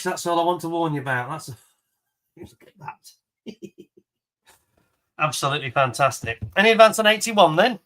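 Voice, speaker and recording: A chatty man hosting a charity auction, upbeat and quick to laugh. His voice sits a little high and has a bright, forceful edge. He talks in a relaxed live-stream way. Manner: chatty, laughs often, enthusiastic. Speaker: auction host showing model kits. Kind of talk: casual live-stream chat.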